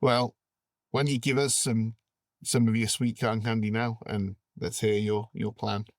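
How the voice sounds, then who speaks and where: A man hosting a casual podcast chat, laid-back and quick to laugh. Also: lowish voice, level tone.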